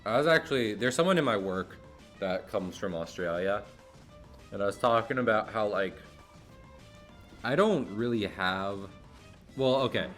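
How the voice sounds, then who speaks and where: A man from New Jersey chats loosely on a livestream in a fairly low voice. He rambles, laughs often and drops the odd curse. Soft music plays faintly underneath. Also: lively intonation, normal speed, pauses often. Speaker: streamer. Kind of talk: casual livestream chat.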